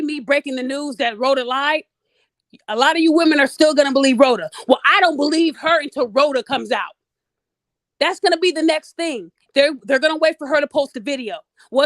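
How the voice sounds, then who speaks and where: A middle-aged woman with a high voice, hosting a podcast and telling a story bluntly and with lots of energy. She speaks straight to her listeners, and the sound is dry and close. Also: a bit bright, no room sound. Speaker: podcast host. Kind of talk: casual storytelling monologue.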